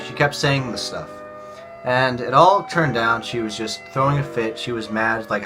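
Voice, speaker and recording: A man talks through a tennis match in a casual, chatty way, explaining each step as he goes. He keeps dropping "like" into his speech. Clear music plays underneath. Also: mid-range voice, moderate pace. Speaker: video host reacting to a match. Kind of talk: casual commentary.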